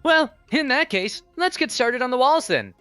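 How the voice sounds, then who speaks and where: A cheerful, polite synthetic AI assistant voice that chats in a smooth, upbeat way. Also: high voice, expressive, moderate pace, bright, forceful tone, faint music behind. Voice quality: smooth synthetic text-to-speech voice. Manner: polite, upbeat, forgetful suggestions. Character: cheerful chatty AI building assistant.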